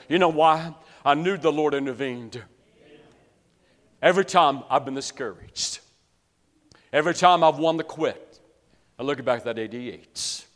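A man from West Virginia preaching a sermon to his congregation, telling a story dramatically and swinging between hushed and loud. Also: a little high. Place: church sanctuary. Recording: long reverb of a large hall.

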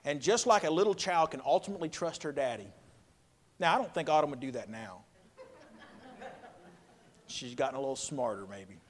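Pastor guy preaching, bright and kinda high, big hall echo. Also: lively intonation, normal speed, pauses often. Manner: emphatic preaching, swings between loud and quiet. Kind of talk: sermon. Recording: long reverb of a hall.

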